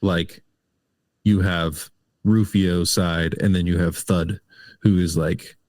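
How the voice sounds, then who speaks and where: Low voiced guy on a movie podcast, talks slow and hesitant, dry close sound. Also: fairly even intonation, darkish tone, no echo. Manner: hesitant, many fillers and restarts. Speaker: podcast co-host. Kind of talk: casual film review chat.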